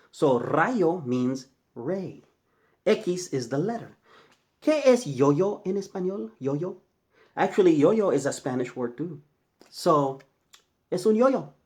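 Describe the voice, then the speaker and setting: A man teaching a casual Spanish vocabulary lesson, quizzing playfully and slowly repeating each word. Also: on the high side, darkish tone. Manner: quizzing, playful, drawn-out slow repetitions of words.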